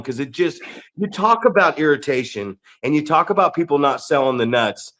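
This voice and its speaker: A middle-aged man with a voice pitched a touch high, speaking in a relaxed podcast conversation. He explains things bluntly and swears freely, like a seasoned trainer. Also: normal speed. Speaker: veteran wrestler and trainer. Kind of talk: casual podcast chat.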